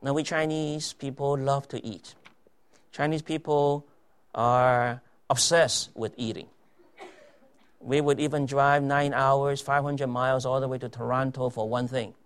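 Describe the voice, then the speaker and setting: A man delivers a sermon in a mid-pitched voice, building his points through repetition and rhetorical questions aimed at his congregation. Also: smooth. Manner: rhetorical questions, repeating phrases for emphasis. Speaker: pastor.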